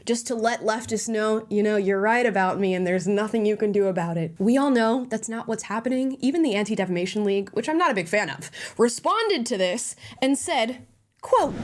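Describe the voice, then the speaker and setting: A woman delivers opinionated political commentary at a mid-range pitch. Her reactions are pointed and sarcastic. She leans hard on key words for emphasis. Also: expressive, brisk.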